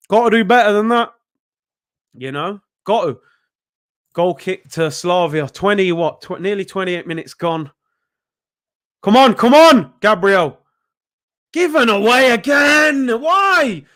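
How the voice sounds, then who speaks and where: High-pitched man shouting at a football match. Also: measured pace, pauses often. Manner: excitable, shouting at players, frequent outbursts. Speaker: football watchalong host. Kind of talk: live match reaction commentary.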